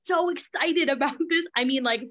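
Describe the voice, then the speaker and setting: Brief: young adult woman, chatty guest, lively anecdotes with acted-out quotes, bright higher pitch. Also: normal speed. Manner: animated storytelling, laughs often, acts out quotes. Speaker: podcast guest. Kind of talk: casual chat.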